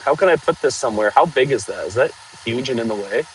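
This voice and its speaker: A man hosting a casual outdoor livestream, chatting and joking with viewers while clearing trees with a machine. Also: medium pitch, expressive, fast talker, slight background noise, rough recording. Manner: chatty, jokey, talks to viewers while working. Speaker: livestream host.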